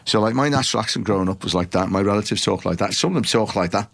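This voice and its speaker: A middle-aged man from Liverpool with a softened Liverpool accent, telling long rambling stories in a podcast interview. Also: on the low side, rapid-fire, creaky. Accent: refined Liverpool English. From Liverpool, England. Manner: rambling, animated storyteller with many restarts. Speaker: actor guest.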